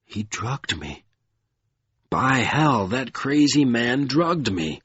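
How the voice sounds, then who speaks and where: A man's voice: medium pitch, slow, pushed and bright, breathy edge, no room sound, dull audio, heavily acted. A man voicing a dazed, weary man who mutters and groans, in an audiobook reading. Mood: bewildered.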